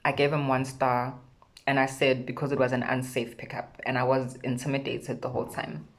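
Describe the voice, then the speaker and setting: Young south african woman, vlogger, low-pitched voice, sassy animated storyteller, acts out dialogue. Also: moderate pace. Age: young adult. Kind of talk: mukbang storytime vlog.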